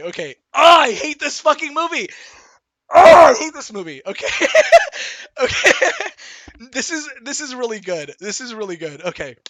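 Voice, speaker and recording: Male streamer, high bright voice, excitable rambling recap, sweary, dry close sound. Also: no room sound. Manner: animated, swears a lot, rambling with restarts. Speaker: streamer reviewing a film. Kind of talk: excited casual movie recap.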